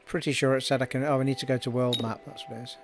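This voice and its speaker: A man's voice: medium pitch, little pitch movement, rapid-fire, background noise. A man giving casual, joking commentary while he plays a game. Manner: chatty, joking, muttering asides. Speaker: let's play gamer. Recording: game music faint behind.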